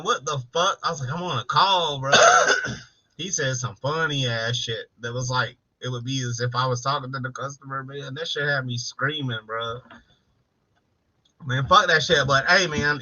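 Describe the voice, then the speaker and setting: A man hosts a late-night livestream in loose, profane chat, bragging through stories about his old call-center job. His voice sounds very bright. The recording is dry and a little dull. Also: medium pitch, dry recording. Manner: profane, boastful storytelling with laughs. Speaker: livestream host. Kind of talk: casual bar-style chat.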